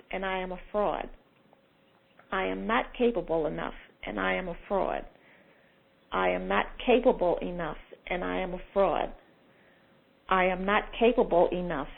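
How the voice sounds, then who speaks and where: A woman client on a coaching phone call, talking in a hesitant, soft-spoken way. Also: on the low side. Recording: gravelly voice over a phone line.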